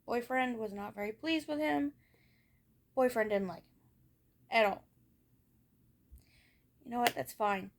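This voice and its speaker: Hiccuping as she goes, a young female vlogger tells personal stories from her childhood straight to the camera. She's candid and somewhat rambling, leaning on frequent fillers, and her mid-range voice carries vocal fry.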